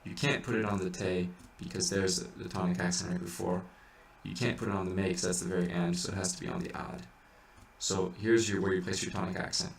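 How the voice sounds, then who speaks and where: A man's voice: sits low, level tone, brisk, creaky. A man explaining how to point a chant, thinking aloud with restarts and singing short examples. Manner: thinks aloud, hesitant with many restarts, breaks into sung examples. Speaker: chant teacher. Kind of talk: informal music lesson. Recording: echoey room, mic at a distance, faint hiss.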